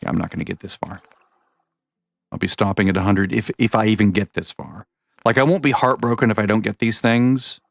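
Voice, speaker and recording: A man with a low, gravelly voice talks his way through a game in an easy, rambling manner. He often trips over himself and starts his sentences again. The sound is dry and close, with no room around it. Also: steady tone, brisk, no echo. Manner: rambling, self-correcting, chatty. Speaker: gaming vlogger. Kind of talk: casual game commentary.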